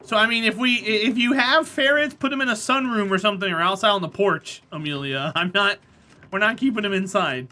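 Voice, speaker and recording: Woman streamer, bright mid-pitched voice, casual and blunt, argues with chat. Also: brisk. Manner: blunt, opinionated, answering chat by name. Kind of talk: casual live-stream chat while gaming.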